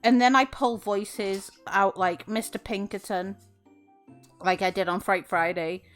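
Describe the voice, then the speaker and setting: A woman's voice: mid-range voice, fairly even intonation, unhurried, faint music behind. A woman, chatting casually on stream in a teasing, giggly way and telling folk tales. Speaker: streamer and voice actress. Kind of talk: casual chat and folklore storytelling.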